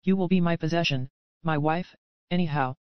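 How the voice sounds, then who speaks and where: A woman reading the lines of a possessive, controlling man obsessed with his captive, in a low, measured, menacing tone. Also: smooth, dry recording, lo-fi sound, lightly acted. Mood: gloating.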